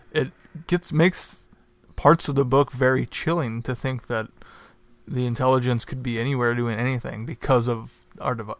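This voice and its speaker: A man's voice: medium pitch, dry recording. Earnest man talking things through. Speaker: podcast co-host. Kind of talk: casual chat.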